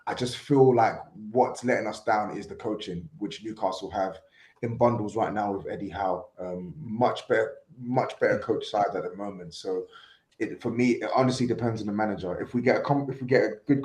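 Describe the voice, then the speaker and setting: A man giving a measured football opinion on a podcast over a call, with some restarts. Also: lowish voice, a little mellow. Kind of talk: casual chat. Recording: roomy echo.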